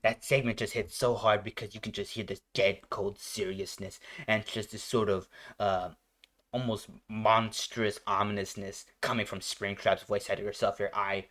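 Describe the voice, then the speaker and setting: A man's voice: fairly low pitch, little pitch movement, moderate pace, a bit bright. A young man hosting a reaction video, chatting casually and rambling with lots of filler words. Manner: rambling, full of "like" and "you know".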